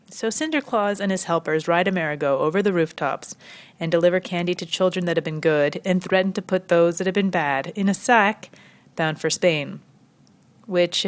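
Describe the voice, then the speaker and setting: A young woman from Quebec delivers a scripted satirical monologue. Her voice sits fairly low, and her tone is dry and sarcastic. She punctuates it with sharp, high leaps of mock incredulity. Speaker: satirical commentary host.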